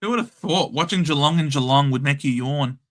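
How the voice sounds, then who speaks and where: A young Australian man hosting a casual live watchalong, calling the play in a chatty, excitable and blunt way. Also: fairly high pitch, a little fast. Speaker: host. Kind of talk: casual live match commentary.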